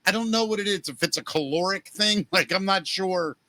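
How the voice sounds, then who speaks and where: A male podcast host talks casually, in a blunt and enthusiastic way. His voice is high and bright, recorded dry and close. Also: a little fast, dry recording.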